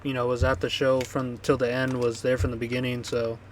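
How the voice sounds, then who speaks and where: A man co-hosting a casual podcast, recapping a gig in a relaxed, rambling way with easy laughs. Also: mid-range voice, a little fast, a little hiss or hum. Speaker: podcast co-host and band member. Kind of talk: casual chat.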